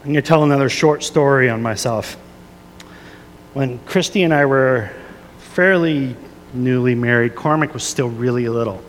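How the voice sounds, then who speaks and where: A male pastor in his 30s, with a mid-range voice and moderate pace, delivers a confessional sermon in a hall with long reverb and a little hiss or hum. He's earnest and slightly emotional, full of fillers and restarts, moving from soft and prayerful to rising and emphatic.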